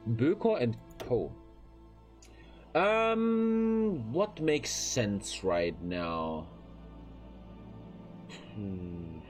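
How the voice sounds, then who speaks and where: A man's voice: medium pitch, sing-song, very slow, long pauses, faint music behind. A young man streaming a strategy game, chatting loosely to his viewers in a rambling, profane way. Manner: rambling, profane, with filler phrases. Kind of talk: casual livestream chat while gaming.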